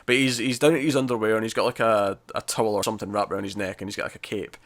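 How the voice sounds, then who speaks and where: A man's voice: lowish voice, fairly even intonation, fairly bright tone. A man co-hosting a casual review chat, recapping an episode with many restarts. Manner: rambling, restarts, acts out scenes in quick voices. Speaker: podcast co-host reviewing a TV episode.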